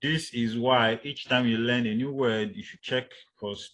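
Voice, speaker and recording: Man giving a slow, filler-laden lecture. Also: medium pitch, fairly even intonation, fairly bright tone, poor audio. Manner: deliberate, many fillers, repeats key points. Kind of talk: university lecture.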